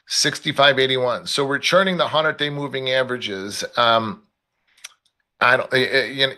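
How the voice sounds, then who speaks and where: Bright-voiced Chicago man calling markets. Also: mid-range voice. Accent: Chicago South Side. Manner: loose, repeats price levels aloud, blunt salty asides. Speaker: trading stream host. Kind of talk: live market commentary.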